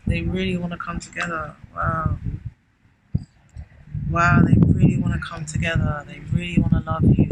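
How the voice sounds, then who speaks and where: Effusive woman over loud noise. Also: lowish voice, little pitch movement, moderate pace. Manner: effusive, keeps exclaiming wow, chatty with many fillers. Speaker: tarot reader. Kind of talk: casual spiritual reading. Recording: loud background noise with clicks.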